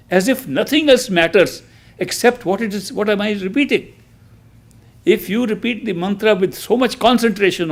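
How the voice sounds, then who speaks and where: An older man with a gravelly, fairly high voice gives a spiritual talk. He speaks in a measured, emphatic way, stopping for long pauses between phrases as he guides listeners through meditation. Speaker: spiritual teacher.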